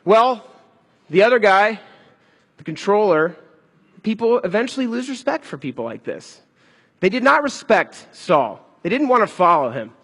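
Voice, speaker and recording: A man preaching a sermon in an animated, conversational way. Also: high voice, normal speed, long pauses, breathy edge, long reverb tail. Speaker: pastor.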